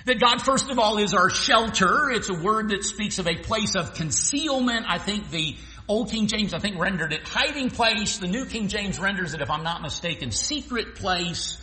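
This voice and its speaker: A man's voice: sits high, lively intonation, normal speed, bright, forceful tone. A male pastor preaching an earnest expository sermon, sometimes restarting his phrases. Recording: echoey hall with long reverb.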